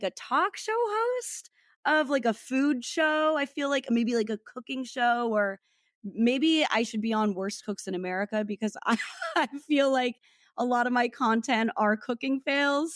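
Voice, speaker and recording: A woman's voice: a little high, no echo, studio quality. A young woman from New Jersey, a food content creator talking as a podcast guest in a bubbly way, often laughing as she speaks. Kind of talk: casual interview chat.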